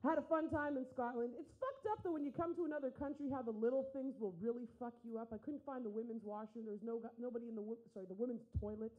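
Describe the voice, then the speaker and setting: A woman's voice: fairly high pitch, fast, hardly any pauses, narrow, tinny audio. Brash, profane woman doing stand-up. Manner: brash, profane, acts out voices in her stories. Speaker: stand-up comedian. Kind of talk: stand-up comedy set.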